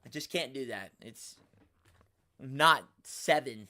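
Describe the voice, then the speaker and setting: A man's voice: medium pitch, lively intonation, takes it slowly, sharp tone, no echo, clean studio sound. A young man hosting a casual live stream, rambling in slangy talk and getting exasperated as he reads and answers chat. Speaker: host of a toy collecting live stream.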